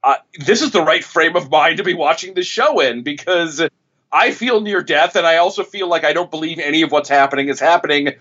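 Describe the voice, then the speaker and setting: A man's voice: fairly high pitch, brisk, pushed and bright, dull audio. A man, a television critic and author, telling a story as an interview guest, rambling and often restarting his sentences. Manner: rambling, with frequent restarts and self-corrections.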